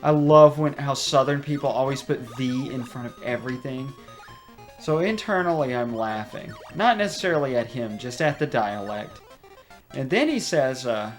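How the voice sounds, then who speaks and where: At normal speed and with lively intonation, a young man with a medium-pitched voice hosts a let's play from his home room, faint music in the background. He chats casually about the game, drifts onto tangents, and laughs frequently.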